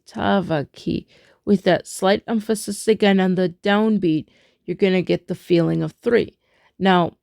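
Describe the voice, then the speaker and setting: A woman teaching a spoken rhythm lesson, chanting rhythm syllables between halting explanations. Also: medium pitch, vocal fry, a little mellow, no room sound, clean studio sound. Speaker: music teacher.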